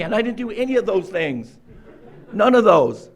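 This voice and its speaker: Standing up at a recovery meeting, a man with a fairly high voice tells his own story humorously. Wry, self-mocking, and very animated, he laughs often and talks at a moderate pace in the meeting room.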